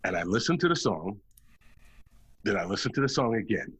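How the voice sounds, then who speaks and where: A man's voice: fairly low pitch, very animated, fairly quick, fairly bright tone, slightly rough. A man in casual chat, talking emphatically and swearing often. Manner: profane, emphatic.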